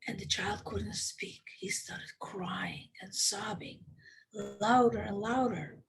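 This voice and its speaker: A woman, a rebbetzin, telling a story to a women's class in an emphatic, animated way. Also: mid-range voice, slow, gravelly, low-quality recording. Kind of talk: storytelling talk.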